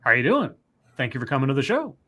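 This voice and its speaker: A man's voice: medium pitch, fast. A man hosting a casual online talk show, greeting listeners and chatting in an upbeat way. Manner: upbeat, animated host banter. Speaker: podcast host. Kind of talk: casual chat.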